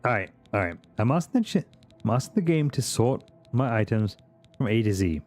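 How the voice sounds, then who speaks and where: Lively, profane man streaming a game. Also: mid-range voice, a little fast, faint music behind. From Britain. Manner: animated, profane and jokey, talking to chat. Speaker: streamer playing a video game. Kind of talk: casual gaming commentary.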